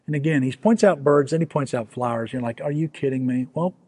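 A man's voice: mid-range voice, fairly quick, darkish tone. A man preaching a sermon as pastor, in a conversational way, often restarting with repeated words and asking the listeners questions.

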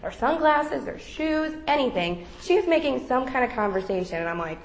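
A woman's voice: high-pitched, animated, a little fast, hardly any pauses, fairly bright tone, a little hiss or hum. A young woman sharing a personal faith testimony with a group, talking casually with many fillers. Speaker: member giving a testimony. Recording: roomy echo.

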